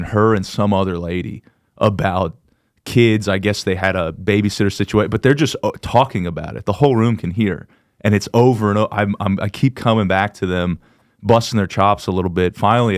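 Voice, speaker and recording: A stand-up comedian, a man, chatting casually on a podcast, telling animated stories and laughing often. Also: lowish voice, brisk, dry recording, clean studio sound.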